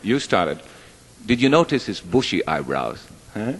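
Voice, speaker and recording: Telling jokes on stage before a live audience in a big hall, a man with a fairly low voice sounds very animated but unhurried. His stand-up is chatty, rambling, and self-deprecating, and the recording has long hall reverb plus a little hiss or hum.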